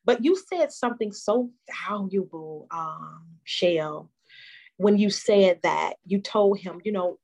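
A woman from the Chicago area hosting a heartfelt conversation, speaking in a warm, preacher-like testifying manner. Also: lowish voice, measured pace. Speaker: host.

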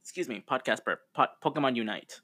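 A man's voice: mid-range voice, animated, fast talker, pushed and bright. A man co-hosting a podcast, chatting casually in a rambling, laid-back way with frequent fillers. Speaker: podcast co-host. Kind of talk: casual chat.

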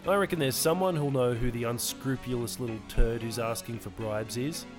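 A man's voice: medium pitch, moderate pace, over music, natural voice. A man voicing a hot-tempered woman traveller who talks indignantly. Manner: indignant, shouting.

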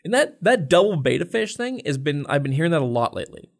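A man's voice: a little high, big pitch swings, fast, vocal fry. A young man co-hosting a podcast, telling a rant-filled story in casual chat, cursing and acting out customers. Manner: profane, exasperated storytelling, acts out customers. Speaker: podcast co-host.

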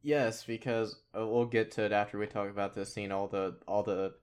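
A man's voice: lowish voice, level tone, a little fast, a little mellow, smooth. A man co-hosting a casual podcast chat, laughing often, restarting his sentences and acting out quotes. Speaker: podcast co-host.

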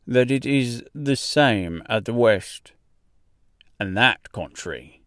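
A man voicing a small grave villager in a storybook reading, giving slow, earnest warnings. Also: medium pitch, lively intonation, a bit bright, dry recording, clean studio sound.

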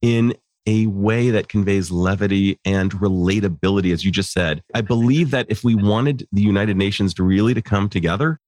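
A male interview host speaks in a fairly low voice, reflecting on ideas in careful, academic terms before he asks his questions. The sound is close and dry, with no room around it. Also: normal speed, darkish tone, dry recording. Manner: thoughtful, uses academic vocabulary. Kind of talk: podcast interview.

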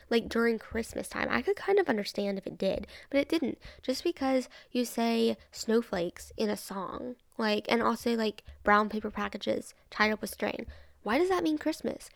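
A young woman hosts a chatty podcast, rambling through her opinions with lots of fillers and laughs. Her voice sits a little high and has a gravelly fry. The sound is dry and close to the mic. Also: no echo. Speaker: podcast host. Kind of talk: casual opinion chat.

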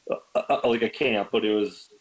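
A man guest on a podcast, telling stories in casual chat, lively and animated, acting out quoted lines with big jumps in pitch. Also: a little fast, poor audio. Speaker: podcast guest, bird dog kennel owner.

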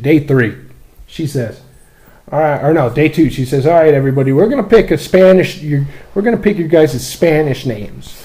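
A young man co-hosting a podcast, telling a profane, animated story in casual chat. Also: medium pitch, moderate pace. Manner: animated, profane, acts out quotes. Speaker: podcast co-host.

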